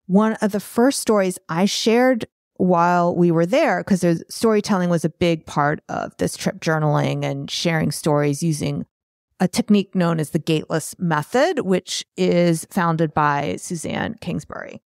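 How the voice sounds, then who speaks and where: Woman podcast host, lowish voice, dry close sound, chatty coach pitching her programs. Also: a little slow, a little mellow, dry recording. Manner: chatty and self-deprecating, sells her programs. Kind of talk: solo podcast monologue.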